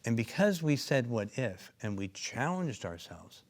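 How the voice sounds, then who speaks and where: A man's voice: mid-range voice, big pitch swings, moderate pace. A man co-founder and clinician telling stories in an interview, rambling with many asides and restarts. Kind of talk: interview storytelling.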